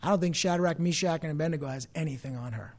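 A man with a fairly high voice preaches a sermon. He climbs loud and forceful when quoting scripture and drops low and quiet for personal stories. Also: fast.

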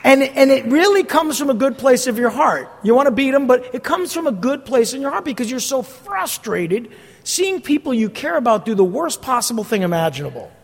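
A middle-aged pastor preaches to his congregation in an earnest, blunt, emphatic manner. His voice sits noticeably high for a man, sing-song and fairly quick. The sermon echoes through a big hall with long, trailing reverb.

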